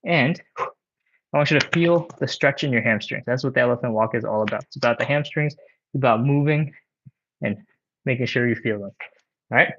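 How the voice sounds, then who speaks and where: A man's voice: mid-range voice, normal speed, pauses often, fairly bright tone, highs cut off. Man coaching a home stretching workout. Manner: encouraging, counts reps, casual coaching. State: out of breath. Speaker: stretching instructor. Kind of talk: live workout instruction.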